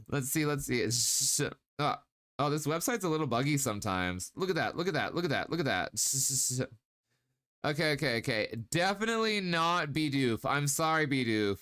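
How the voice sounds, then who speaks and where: A man's voice: a little high, expressive, bright, forceful tone, smooth. A man hosting a live stream, chatting casually with viewers in a playful, teasing way with frequent laughs. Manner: playful, giggly, teasing, drawn-out baby talk at times. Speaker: streamer host.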